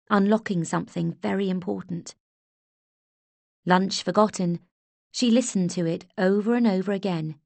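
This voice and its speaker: Woman narrator with gravelly voice. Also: mid-range voice, darkish tone, dry recording. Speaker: audiobook narrator. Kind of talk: scripted narration.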